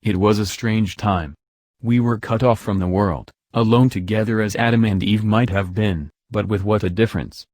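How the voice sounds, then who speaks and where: A man narrating an audiobook in the first person, with an even, unhurried storytelling delivery. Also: lowish voice, no room sound.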